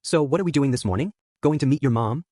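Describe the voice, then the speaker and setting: A man's voice: medium pitch, quick pace, dark tone, dry recording, studio quality, close to an everyday voice. A man voicing a cheerful, playful little beast-girl who teases and talks about herself in the third person, reading an audiobook. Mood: curious. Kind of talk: audiobook character voice.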